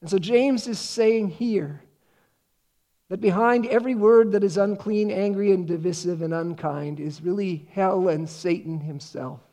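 A man preaching a sermon, earnest, slowing down to read scripture with emphasis. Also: sits high, dark tone. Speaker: pastor.

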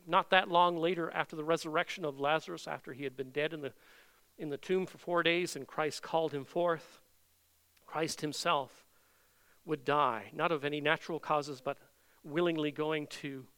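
A preacher works through a passage verse by verse, reading the Bible aloud with earnest feeling and easing his pace on the quoted words. He sounds on the high side, with a fairly bright tone.

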